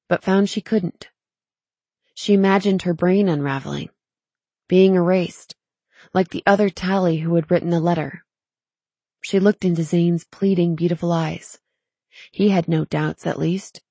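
A woman narrating an audiobook with a dark, mellow tone and a husky edge. She keeps a steady, measured storytelling pace, recorded close on the mic in a dry, dead room. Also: lowish voice, no echo. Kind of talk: scripted narration.

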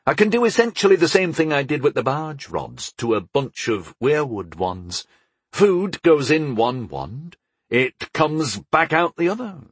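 A man's voice: on the high side, very animated, measured pace, slightly rough, no room sound, voice pushed up, full character voice. A man voicing a young, mischievous and smug male enchanter in an audiobook, with a knowing, playful delivery. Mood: eager. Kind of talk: audiobook character voice.

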